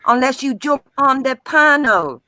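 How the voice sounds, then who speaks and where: A woman's voice: high-pitched, expressive, a little slow, pushed and bright, dry recording, rough recording. Blunt, heated woman on a panel. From Ireland. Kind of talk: heated live-stream panel talk.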